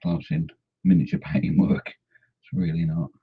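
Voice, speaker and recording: A man's voice: extremely low pitch, flat delivery, normal speed, vocal fry, husky. A man chatting casually while painting miniatures, rambling and humming to himself. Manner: rambling, hums and mumbles to himself. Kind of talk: casual chat while working. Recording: dull lo-fi sound.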